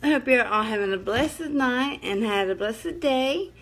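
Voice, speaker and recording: A woman's voice: a little high, animated, a little slow, a bit bright. A middle-aged woman, hosting a live stream, chatting casually and telling a rambling story with frequent laughs. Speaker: livestream host.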